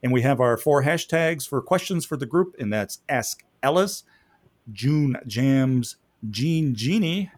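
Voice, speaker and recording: A man's voice: mid-range voice, unhurried, dry recording. A man co-hosting a podcast, reading out announcements and running a contest in a loose DJ-style way. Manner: lively, laughing, loose DJ-style delivery. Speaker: podcast co-host. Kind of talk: casual podcast chat.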